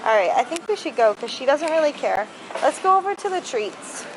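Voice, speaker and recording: A woman's voice: sits high, big pitch swings, brisk, poor audio. A woman filming a casual vlog while shopping with her puppy and young daughter, playful and teasing as she talks to the dog. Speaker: vlogger, mother. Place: busy pet store. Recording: loud store background noise.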